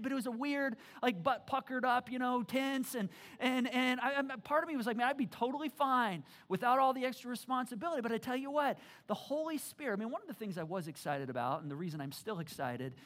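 Animated joking pastor preaching. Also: mid-range voice. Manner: animated and joking, swings from loud to hushed; frequent repeated words and restarts. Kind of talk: sermon.

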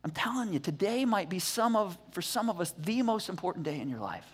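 Energetic pastor in echoey hall. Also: male voice, high voice, brisk, slightly rough. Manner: energetic, conversational, repetitive restarts. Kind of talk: sermon. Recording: echoey church hall reverb.

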